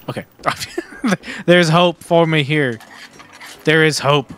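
A young man giving casual, excitable commentary on his own gameplay, laughing often and repeating himself. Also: fairly high pitch, slow. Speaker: gaming streamer. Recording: faint background noise.

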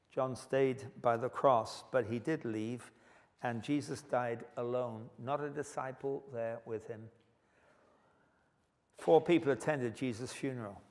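A male preacher giving a sermon with animated, humorous storytelling. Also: mid-range voice. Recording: long hall reverb.

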